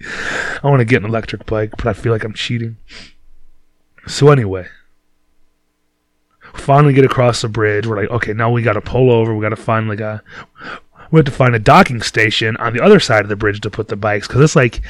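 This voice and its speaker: A man's voice: medium pitch, no echo. Profane rambling young man telling a story. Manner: profane, rambling, laughs at himself. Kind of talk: casual storytelling monologue.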